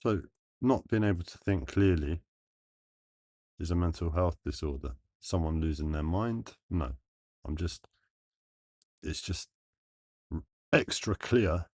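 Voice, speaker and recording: A man with a deep, low-pitched voice speaks slowly and earnestly to his livestream viewers. He thinks aloud in halting phrases, pausing and restarting often. The sound is dry and close, with no room echo. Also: warm tone. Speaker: live streamer.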